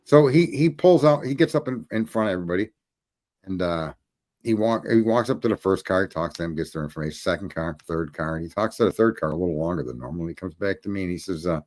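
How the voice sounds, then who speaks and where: A man with a lowish voice spins rambling, profanity-laced stories on a casual podcast. He talks loosely and restarts often, and his pitch shoots up when something outrages him. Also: animated, fast, darkish tone. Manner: profane, rambling, climbs into high indignant pitch. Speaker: podcast host. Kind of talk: casual storytelling chat.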